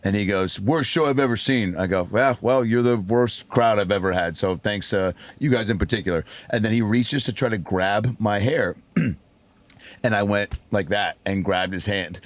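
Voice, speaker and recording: A man, a comedian, telling a story in a casual podcast chat, animated, acting out voices and swearing freely. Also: lowish voice, normal speed. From raised by a single mother. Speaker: comedian guest.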